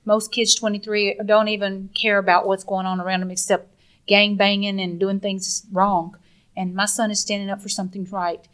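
A woman speaking as a guest in an interview, earnest and emotional, halting and restarting as she talks. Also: mid-range voice, little pitch movement, fairly bright tone, clear, resonant tone. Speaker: guest, mother of the subject.

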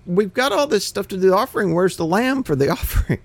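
A man voicing an anxious young boy who questions his father in a quick, high, excited way. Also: no echo.

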